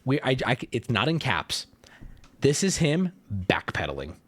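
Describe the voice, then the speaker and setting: A man giving casual livestream commentary for his chat, sarcastic and animated, now and then breaking into mock shouting. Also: medium pitch, a little slow, no room sound. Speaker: streamer reacting to messages for chat.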